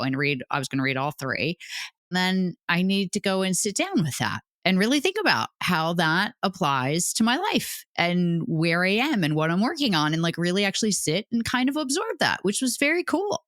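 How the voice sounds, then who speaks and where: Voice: medium pitch, animated, normal speed, a bit bright, dry recording, clean studio sound. A podcast host chatting casually with a guest, responding with eager enthusiasm. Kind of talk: casual interview conversation.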